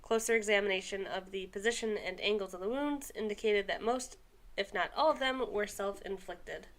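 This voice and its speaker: On a podcast, a young woman co-host reads a long story aloud in a mid-range voice. She often pauses for casual asides and now and then trips over her words.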